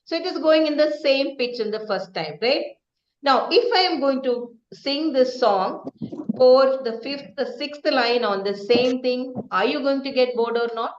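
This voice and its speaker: A woman's voice: high voice, unhurried, a little hiss or hum. A woman teaching a lesson on vocal variety, asking the class questions and demonstrating with singing and acted tones. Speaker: speech trainer. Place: classroom or hall with students. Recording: dull roomy hall recording.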